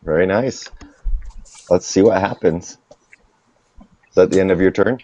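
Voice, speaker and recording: A man narrating as game master in an online tabletop game, relaxed and playful. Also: deep voice, a little slow, a little hiss or hum. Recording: slightly dull lo-fi voice call.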